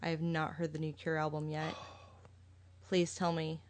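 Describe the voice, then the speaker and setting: A woman with a fairly low voice chats eagerly on a group podcast. She talks with enthusiasm and slips easily into giggles. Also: completely flat delivery, unhurried. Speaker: podcast co-host. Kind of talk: casual chat.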